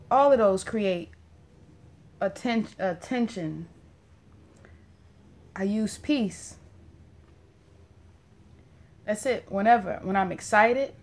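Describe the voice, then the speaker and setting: Woman on a livestream, middle voice, swears a lot, blunt and jokey, repeats words slow and soft. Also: mid-range voice. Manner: blunt and profane, joking with viewers; repeats words softly and slowly. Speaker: live-stream host. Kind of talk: casual spiritual talk to viewers.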